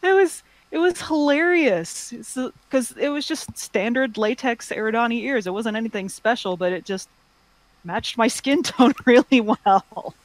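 A woman telling stories in a casual chat, relaxed with quick asides. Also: on the high side, no room sound. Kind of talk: casual chat about cosplay.

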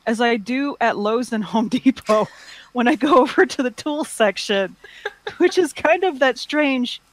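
Woman, slightly high voice, relaxed, casual storytelling, dry sound. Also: a little slow, dry recording. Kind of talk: casual chat about cosplay.

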